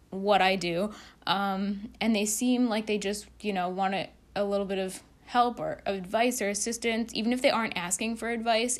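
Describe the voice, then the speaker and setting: A woman of middle pitch talks straight to her viewers in a loose, unscripted way. She rambles frankly, leans on "like" and "you know," and swears now and then when she gets fired up. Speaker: vlogger. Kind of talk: candid casual monologue.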